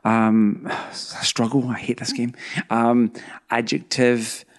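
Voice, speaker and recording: A man's voice: medium pitch, little pitch movement, takes it slowly. Middle-aged scottish guy joking around on a podcast, teasing himself, easygoing. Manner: self-deprecating, playful. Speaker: podcast co-host. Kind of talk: casual chat.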